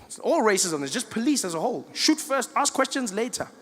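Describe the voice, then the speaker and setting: A man with a South African accent doing stand-up comedy, animated and playing the people in his stories. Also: high voice, a little fast, in a large hall. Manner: animated, switches into playful character voices. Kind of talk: stand-up comedy with acted dialogue.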